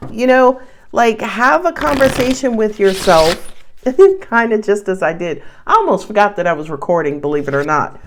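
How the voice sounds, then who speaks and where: A woman with a New York accent reads tarot cards in a casual, animated way, full of slangy asides. Her voice sits at an ordinary middle pitch. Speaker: tarot reader. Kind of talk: casual tarot reading to camera.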